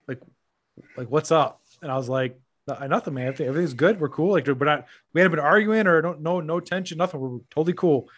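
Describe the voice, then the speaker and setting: A man telling a funny story in a casual, profane podcast chat, animated and laughing often. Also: fairly high pitch.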